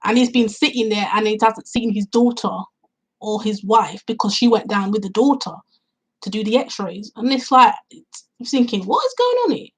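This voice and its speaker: Speaking outside on a cool day, a woman reviews a film for her vlog, walking through the story bit by bit with lots of fillers and acted-out reactions. She has a middle-pitched, faintly husky, breathy voice, a steady tone, and a normal pace, captured on a low-quality recording.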